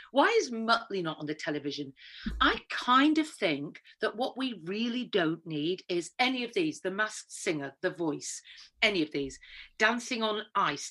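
A woman's voice: mid-range voice, pushed and bright. Woman, Northern English accent with a bit of London, singer, podcast guest, bubbly, playful. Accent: Northern English mixed with London. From Northern England. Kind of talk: casual chat.

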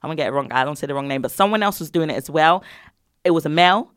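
A woman's voice: low voice, expressive, very fast, clear, resonant tone, dry recording, clean studio sound. A woman, co-hosting a casual gossip chat with blunt, slangy reactions and frequent laughter. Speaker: podcast co-host.

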